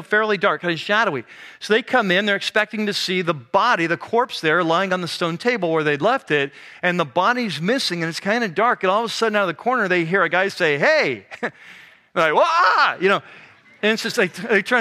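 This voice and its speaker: A man preaching a sermon as a pastor, telling the story in a casual, animated way that drops to a hush for the serious moments. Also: sits high. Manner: conversational, animated storytelling with sudden hushed drops.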